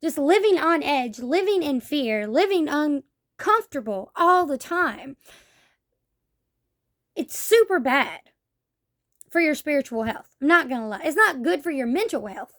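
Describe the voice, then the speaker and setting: A young woman with a high voice tells a story straight to the camera, blunt and full of swearing. She acts out the lines people said to her as she goes. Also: sing-song, a little slow, long pauses, fairly bright tone. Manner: blunt, profane storytelling, acting out quotes. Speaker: vlogger. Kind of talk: casual vlog rant.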